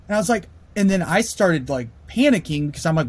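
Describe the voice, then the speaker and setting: Animated man telling a story casually. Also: high-pitched, brisk, hardly any pauses, husky, no room sound. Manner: animated, lots of fillers and restarts.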